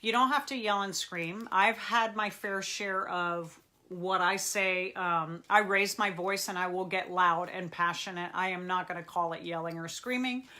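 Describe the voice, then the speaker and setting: A woman therapist talks to her live audience in an intense public-speaking voice. Her tone is firm and emphatic. The timbre is bright and forceful. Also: fairly low pitch, unhurried. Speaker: therapist and show host. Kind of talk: live question-and-answer talk.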